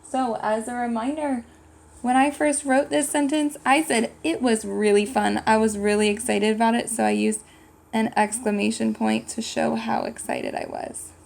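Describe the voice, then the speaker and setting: A woman's voice: fairly high pitch, steady tone, moderate pace, vocal fry, a little mellow. A woman teaching a writing lesson to young children, patiently thinking aloud and sounding out words. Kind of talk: slow, clear classroom lesson for young children.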